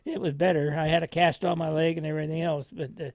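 A man's voice: fairly high pitch, level tone, quick pace, dry recording. An older American man, a war veteran, telling his story in a rambling, folksy way with frequent chuckles. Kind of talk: oral history storytelling.

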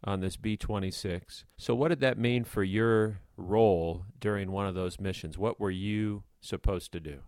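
A man hosting a radio interview, asking clear, leading questions and summarizing his guest's stories. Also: lowish voice, normal speed, few pauses, a little mellow, dry recording. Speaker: radio host.

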